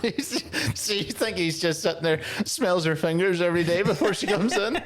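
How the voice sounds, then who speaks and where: A man's voice: high-pitched, moderate pace. A man co-hosting a comedy podcast, rambling and crude, laughing often. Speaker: podcast co-host. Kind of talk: casual comedy chat.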